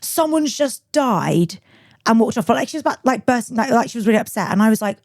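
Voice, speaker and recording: Casting: young woman guest, quick, highish, animated anecdote, dry close sound. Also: no room sound. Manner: lively storyteller, acts out dialogue, fillers. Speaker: guest comedian. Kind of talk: casual podcast chat.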